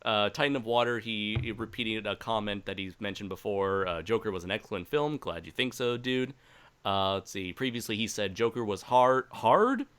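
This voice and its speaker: A man's voice: lowish voice, animated, normal speed, a bit bright, clear, resonant tone. A man co-hosting a casual podcast, reading out chat comments and laughing often.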